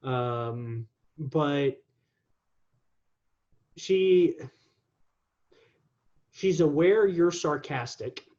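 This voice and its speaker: A man's voice: fairly high pitch, extremely slow, long pauses, darkish tone, lo-fi sound. A man in his forties, a guest talking casually in an interview, rambling with lots of ums and restarts. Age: 40s.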